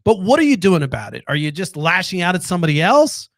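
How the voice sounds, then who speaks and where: High-voiced man ranting candidly. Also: big pitch swings, quick pace, no room sound. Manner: candid, swearing, rhetorical questions. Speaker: podcast host. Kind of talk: casual late-night monologue.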